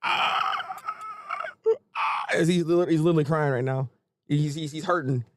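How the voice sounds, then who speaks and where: A man hosting a casual live manga reaction, chatty and animated, often restarting his sentences. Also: fairly high pitch, quick pace, noisy background.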